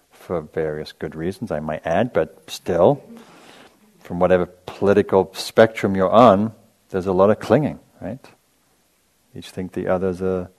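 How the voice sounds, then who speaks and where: A man with a low, deep voice gives a meditation talk, wandering through a personal story with loose asides and easy chuckles. He sounds conversational rather than preachy, like a teacher thinking out loud. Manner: casual, chatty storytelling with frequent asides; self-amused, laughs at his own anecdotes. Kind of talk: dharma talk.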